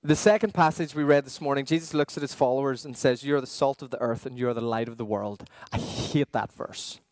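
A man preaching a sermon as pastor, earnest and questioning, with emphatic pauses. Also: medium pitch, darkish tone, dry recording.

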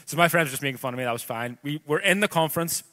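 A man's voice: fairly high pitch, animated, very fast, bright, forceful tone. A man in his thirties with a Northern Irish accent, preaching a sermon that moves from scripture reading into a chatty personal story full of casual asides. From Northern Ireland.

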